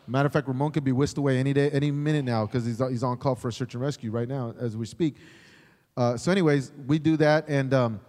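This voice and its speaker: A middle-aged man, a chaplain, teaching in a sermon style, animated, acting out the voices he quotes. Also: mid-range voice, fast, in a large hall. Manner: animated, acts out quoted voices, repeats words when starting. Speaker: chaplain and pastor.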